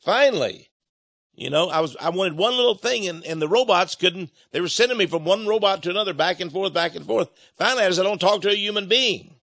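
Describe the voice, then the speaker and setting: Guy ranting about robots to his listeners, high-ish voice that swoops all over, dry close sound. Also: lively intonation, fairly quick, gravelly, fairly bright tone, no room sound. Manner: emphatic, rambling, acts out robot and caller voices. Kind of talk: monologue to listeners.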